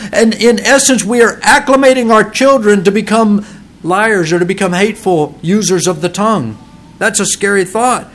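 A man's voice: high voice, a little hiss or hum. A male pastor preaching a sermon, asking rhetorical questions, building to emphatic peaks and acting out quoted voices. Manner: acts out children and parents in quoted voices.

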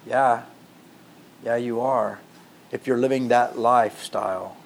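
A man with a medium-pitched, gravelly voice preaches slowly and in a steady tone, reading scripture along the way. He poses rhetorical questions again and again, shifting from loud emphasis to hushed delivery.

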